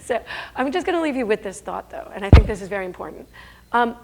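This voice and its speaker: A woman's voice: medium pitch, lively intonation, fast, a little mellow, a little hiss or hum. Emphatic woman giving a stage talk. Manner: emphatic, rhetorical, with self-corrections. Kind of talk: conference talk. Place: stage before an audience.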